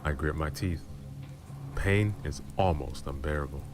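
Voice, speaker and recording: A man reading a dramatic story aloud in a low, slow, intimate manner. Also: noisy background. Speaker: storyteller streamer. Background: background music and rain.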